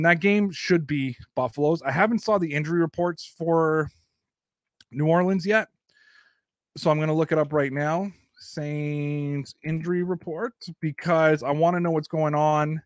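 A man's voice: a little high, dry recording, clean studio sound. A young Canadian man with a Canadian accent, hosting a casual sports talk show and giving blunt, profane, rambling opinions. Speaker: sports podcast host.

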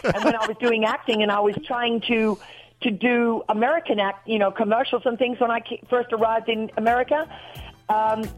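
An excitable, chatty woman with an Australian accent, talking as a guest caller on a radio show. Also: on the high side, a little fast, poor audio. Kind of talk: casual phone chat.

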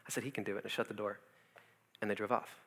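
A man's voice: fairly low pitch, rapid-fire. A young man working as a youth pastor, telling a personal testimony in his office and acting out the voices of the people in his story. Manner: animated storytelling, acts out quoted voices.

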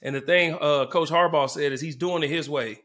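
With a fairly high pitch and a normal speaking speed, a man who used to play football tells animated stories in relaxed sports conversation, playing out the voices of nearby fans.

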